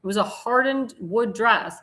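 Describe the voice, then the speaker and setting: A woman's voice: fairly high pitch, unhurried, fairly bright tone. A woman hosting a talk show, giving blunt, indignant commentary on slides and sometimes searching for words.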